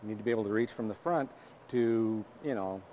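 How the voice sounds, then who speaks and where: A man's voice: on the low side, fairly quick, warm tone, slight background noise. A man with a Canadian accent co-hosting a car review, explaining practical features with dry quips. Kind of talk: casual banter reviewing a vehicle.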